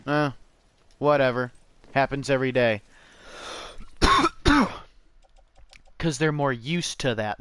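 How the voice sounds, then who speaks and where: A young man talks over his gameplay in a relaxed, rambling way, swearing freely and drifting from topic to topic. His voice sits at an ordinary middle pitch and comes through smooth and clear on a desk mic. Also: dry recording. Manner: rambling, profane, laid-back, says "bro" and "man". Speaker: gameplay streamer. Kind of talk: casual gameplay commentary.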